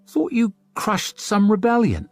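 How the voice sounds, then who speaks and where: A man's voice: sits high, huge pitch swings, unhurried, voice pushed up, exaggerated voice. A man voicing a blunt, earthy young northern woman with a dry, teasing way of talking. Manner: dry, teasing, plain-spoken.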